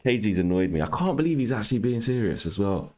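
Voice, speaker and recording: A young man hosts a casual livestream and banters with his viewers. His voice sits low and deep. He jumps between muttering asides and loud, exasperated protest. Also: big pitch swings, fast talker. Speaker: livestream host.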